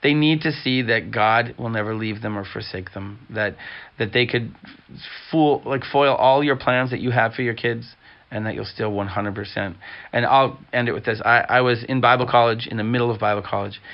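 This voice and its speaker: Middle-aged male guest, earnest halting storyteller, mid pitch, muffled recording. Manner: earnest, halting with restarts and fillers. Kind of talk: candid conversational storytelling. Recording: dull muffled sound.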